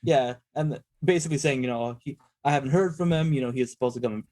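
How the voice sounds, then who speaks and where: A man's voice: medium pitch, fast, darkish tone, no room sound. Rambling man playing a tabletop game. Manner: rambling, full of ums and restarts. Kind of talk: casual in-character narration of actions.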